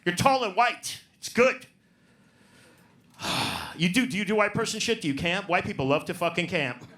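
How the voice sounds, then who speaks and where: A man with a high, sharp-toned voice at normal speed performs a stand-up set in a comedy club. He's profane and brash, riffing on the audience as he works the crowd.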